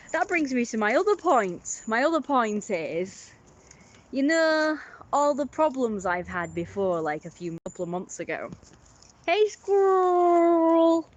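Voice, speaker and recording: A woman's voice: medium pitch, big pitch swings, moderate pace, lo-fi sound. A young British woman livestreaming a casual, rambling opinion rant, often mocking others in put-on voices.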